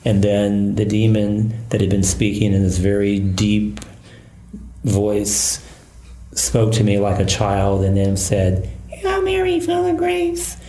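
A man who is a Catholic priest and exorcist, calmly recounting a case in an interview. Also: fairly low pitch. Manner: calm, measured storytelling. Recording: echoey room.

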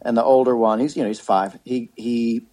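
A man's voice: mid-range voice, fairly even intonation, a little fast, warm tone. A man in his thirties on a casual podcast, telling a long story with lots of restarts and swearing. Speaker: podcast co-host. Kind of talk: casual chat.

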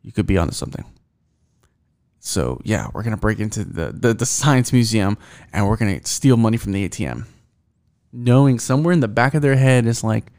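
Rambling, profane young man with a gravelly voice. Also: lowish voice, lively intonation, brisk, darkish tone. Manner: profane, rambling, with many fillers. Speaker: podcast host. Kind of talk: casual solo podcast rant.

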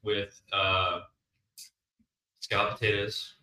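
A man as a guest in a casual chat, easygoing and unhurried. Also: on the low side, flat delivery, bright, forceful tone. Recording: roomy, distant mic, faint noise.

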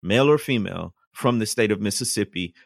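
A man's voice: lowish voice, lively intonation, fairly quick, gravelly, no room sound, studio quality. A man co-hosting a casual political discussion, explaining earnestly and drawing on scripture. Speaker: podcast co-host.

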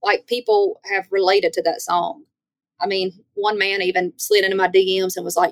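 A woman from Northeast Louisiana with a Southern accent, telling folksy, animated stories as a guest on a podcast interview. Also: mid-range voice, fairly quick, creaky, no echo. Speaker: country singer guest.

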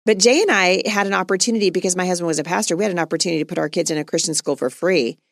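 A woman's voice: on the low side, racing, no echo, clean studio sound. A middle-aged woman hosting a podcast, talking earnestly and conversationally and laughing easily. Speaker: podcast host.

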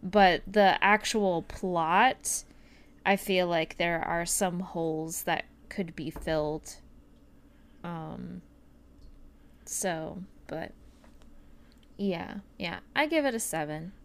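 A woman's voice: lowish voice, slow, pauses often, a little hiss or hum. A woman co-hosting a casual podcast chat, talking in a rambling, hesitant way with many fillers. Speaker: podcast co-host reviewing an anime film.

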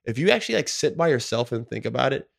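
Podcast co-host, man in his thirties, slangy, profane and emotional, mid-pitched voice. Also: big pitch swings, fast, vocal fry. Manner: emotional storytelling, slangy and profane, full of "like" and "bro". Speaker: podcast co-host, former pro basketball player. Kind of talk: casual podcast chat.

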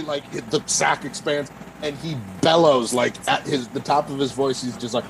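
A man's voice: mid-range voice, normal speed, vocal fry, background noise. A man playing a tabletop game, rambling with lots of fillers. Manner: rambling, full of "like" and "um". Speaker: player. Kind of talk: casual tabletop play.

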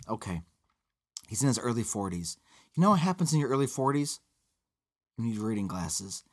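A man's voice: mid-range voice, expressive, moderate pace. A man, co-hosting a podcast in casual banter, rambling and sarcastic with frequent swearing. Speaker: podcast co-host.

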